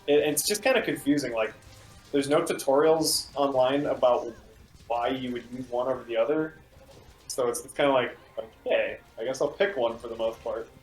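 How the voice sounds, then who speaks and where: A young man with an ordinary mid-range voice talks over a video game, explaining things in a rambling way. His voice carries a clear room echo. Faint music plays underneath. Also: mid-range voice, normal speed. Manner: explains with many fillers and restarts. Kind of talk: casual chat while playing a video game. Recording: echoey room.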